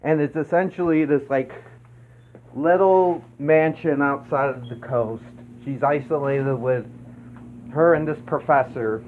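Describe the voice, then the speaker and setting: A man talks through a movie in an easygoing, meandering way, stopping and restarting with lots of fillers and the odd swear. He speaks slowly. The sound is thin and phone-like with a faint hiss behind it. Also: fairly high pitch. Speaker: movie reviewer. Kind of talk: casual rambling film review.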